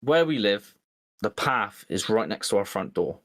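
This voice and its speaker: A man co-hosting a podcast, telling an animated story and acting out both sides of an argument with his partner. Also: lowish voice, normal speed, no echo. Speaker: podcast co-host. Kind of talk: casual chat.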